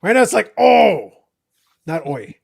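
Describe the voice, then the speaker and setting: A man from Canada hosting a casual livestream, ranting in animated bursts and cursing freely. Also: on the high side, quick pace. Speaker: livestream host. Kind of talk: casual chat.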